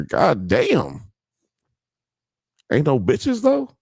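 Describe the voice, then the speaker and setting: A man's voice: mid-range voice, moderate pace, no room sound. A man hosting a live stream, reading chat comments aloud in a casual, joking way with frequent laughter and swearing. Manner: animated, laughing, mock accents, swearing.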